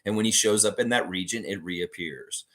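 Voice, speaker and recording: A man's voice: lowish voice, normal speed, a bit bright. A Canadian man hosting a casual live stream, reading out viewer comments and rambling with many fillers and self-corrections. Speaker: podcast host.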